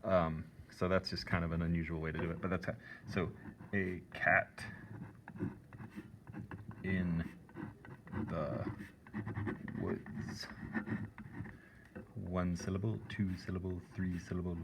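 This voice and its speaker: Playful deep-voiced art teacher. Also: male voice, flat delivery, fast, background noise. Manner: playful, chatty, laughs often. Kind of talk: classroom video lesson.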